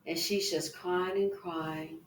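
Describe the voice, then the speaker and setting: A woman's voice: on the low side, steady tone, slow pace, a little hiss or hum. A woman giving reaction commentary, emphatic and indignant, with rhetorical questions. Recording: echoey room.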